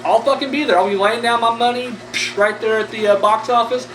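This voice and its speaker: A man's voice: extremely high pitch, steady tone, a little fast. A man giving casual, rambling horror movie news commentary, blunt and full of profanity. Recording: echoey room, mic at a distance, faint background noise.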